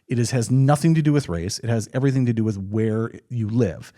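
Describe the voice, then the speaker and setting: A man's voice: medium pitch, brisk, warm tone. A man from northern Minnesota with a Minnesotan accent, hosting a podcast in casual, opinionated, rambling chat. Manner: opinionated, rambling, frequent restarts. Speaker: podcast host.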